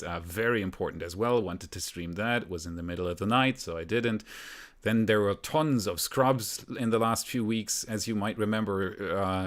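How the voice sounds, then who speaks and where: A German man hosts a live stream, chatting casually and rambling a little, with frequent fillers and soft laughs. His voice is lowish.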